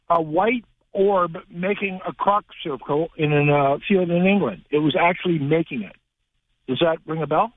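Tinny phone caller, rambling man. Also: fairly high pitch. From Canada. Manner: rambling, hesitant, many fillers. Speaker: caller, former air force. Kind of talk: call-in radio question.

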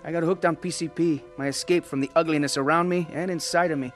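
A man's voice: fairly high pitch, fairly even intonation, fast talker, faint music behind, natural voice. An actor playing a blunt, streetwise young ex-gang member who narrates his own story in a radio drama. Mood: reflective.

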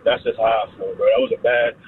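A man's voice: lowish voice, fairly even intonation, quick pace, a little hiss or hum. A man in his thirties calling into a sports radio show, talking in a rambling, casual way with lots of fillers. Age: 30s. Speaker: caller. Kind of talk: phone-in call. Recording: husky voice over a tinny, dry phone line.

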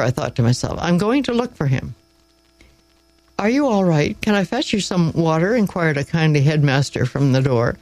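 A man narrating an audiobook in a measured, wry storytelling manner, close to the mic. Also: a little high, no room sound, poor audio. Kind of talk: scripted narration.

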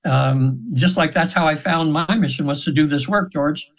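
Heard through a poor-quality radio recording, a spiritual practitioner in his seventies, guesting on a show, speaks at normal speed in a slightly high voice. His long story, told earnestly and casually, rambles with lots of fillers and restarts.

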